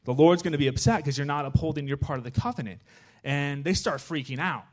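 Man, casual sermon, fairly high voice, chatty, animated, keeps asking "right?". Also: fast talker. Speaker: guest preacher.

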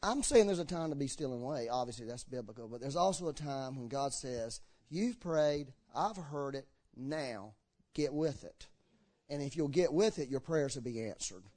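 A man's voice: medium pitch, a little fast. A man preaching a sermon in church, telling stories and acting out the people he quotes, with slurred words. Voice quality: slurs his words. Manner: animated storytelling, acts out quoted voices.

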